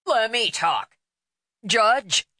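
A woman voicing a drunken, belligerent man who bellows and shouts. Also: on the high side, very animated, drawn-out words, dry recording, pitched above the performer's own voice, exaggerated voice.

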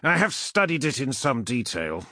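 A towering armored warlord, put on by a male narrator, lets each scornful word rumble out slowly with a husky grit. His menace sits heavy in a lively, swooping delivery. The audiobook read is dry and close. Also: no echo. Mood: menacing.

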